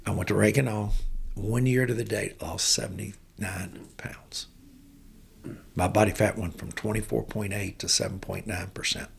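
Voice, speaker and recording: A man in his sixties, a basketball coach, telling animated stories as a podcast guest and getting amped up as he goes. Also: fairly low pitch, a little fast, creaky, a little hiss or hum. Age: 60s. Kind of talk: storytelling in an interview.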